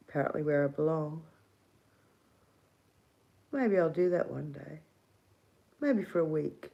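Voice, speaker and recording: A woman's voice: deep voice, vocal fry, a little mellow, low-quality recording. A middle-aged Australian woman hosting a casual livestream, rambling and giggly, swearing casually. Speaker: livestream host.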